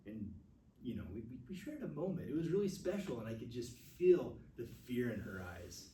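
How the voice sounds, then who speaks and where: A man's voice: medium pitch, sing-song, fairly quick, warm tone, a little hiss or hum. A man, a nurse, teaching a first aid class to a room of people, sharing personal stories earnestly and openly admitting his emotions. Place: classroom with audience. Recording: echoey room recorded from far off.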